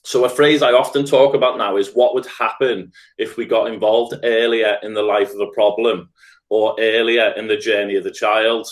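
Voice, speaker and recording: A middle-aged man with a Scouse accent, speaking earnestly and thoughtfully as a podcast guest. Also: on the low side. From Liverpool, England. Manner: earnest, thoughtful, builds points in lists. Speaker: guest, restorative practice trainer. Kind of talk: reflective podcast conversation.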